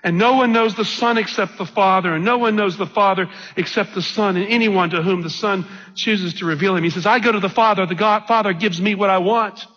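A high-pitched male preacher with a husky voice delivers a sermon, leaning slowly and emphatically on scripture. The sound is dull and lo-fi, with a long hall reverb trailing his words. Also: a bit bright. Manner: slow emphatic scripture reading.

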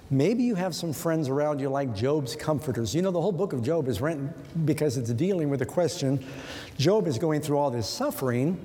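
Male pastor, earnest conversational sermon, rhetorical questions, mellow tone, long hall reverb. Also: fairly high pitch.

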